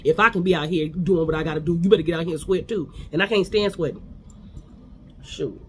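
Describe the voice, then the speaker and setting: Fast-talking high-voiced gossipy man. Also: a little hiss or hum. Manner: animated, gossipy, acts out quotes. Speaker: recap host. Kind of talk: casual reality TV recap.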